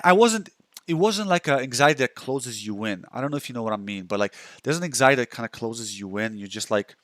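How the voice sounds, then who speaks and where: A young man gives casual self-help advice while talking through a post, chatting away, restarting often, and acting out the thoughts he describes. His mid-range voice is fairly bright, with clean studio sound and no echo.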